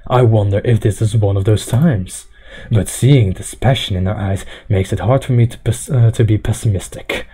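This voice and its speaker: A man's voice: lowish voice, normal speed, warm tone, slightly rough. Man reading a visual novel aloud. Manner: narrates dialogue and breaks off with joking asides. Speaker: streamer.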